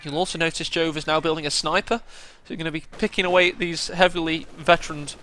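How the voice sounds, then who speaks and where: A man casting a strategy game match, chatty play-by-play that bursts into excitement at big moments. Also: a little high, fast, slight background noise. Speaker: game caster.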